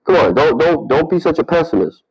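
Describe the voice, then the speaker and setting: A man's voice: fairly high pitch, very animated, a little fast, lo-fi sound. A man in a casual online debate, repeating challenging questions again and again. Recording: audio chat room.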